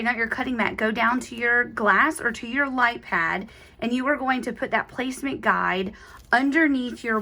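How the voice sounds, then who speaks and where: Young woman, craft tutorial host, slightly high, gushing and chatty while she demonstrates. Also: pushed and bright.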